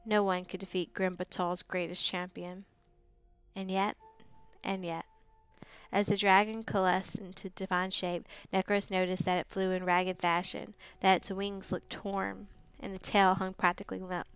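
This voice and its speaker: A woman reading a fantasy novel aloud as narrator, steady and even, with occasional slips. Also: medium pitch, moderate pace, few pauses, clear, resonant tone, no room sound, poor audio. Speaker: audiobook reader. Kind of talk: live book reading narration.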